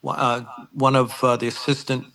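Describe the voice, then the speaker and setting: A man's voice: medium pitch, level tone, normal speed, vocal fry, a bit bright. A man in his sixties, a former football kicker, tells an old story in an interview, rambling with many filler words and acting out old conversations.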